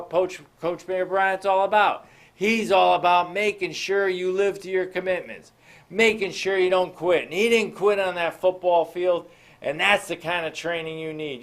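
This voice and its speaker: A motivational show host with a slightly high voice addresses his listeners as "folks." He jumps from one story to the next, hammering his points home with rhetorical questions.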